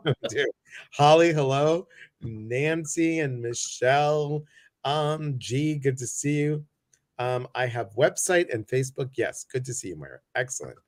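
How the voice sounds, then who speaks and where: A man's voice: medium pitch, animated, unhurried, dry recording. A man hosting a casual livestream chat over a video call, effusive and greeting many viewers by name. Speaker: host.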